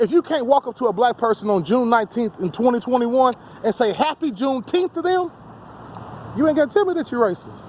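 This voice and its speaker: Man with a high voice, blunt profane outdoor rant, street slang, faint traffic noise behind. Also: a little mellow. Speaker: vlogger. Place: outdoors on steps.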